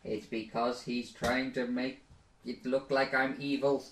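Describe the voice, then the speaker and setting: A British man co-hosting a podcast, reading out listener messages slowly in casual banter. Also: medium pitch, little pitch movement, echoey room, a little hiss or hum, rough recording.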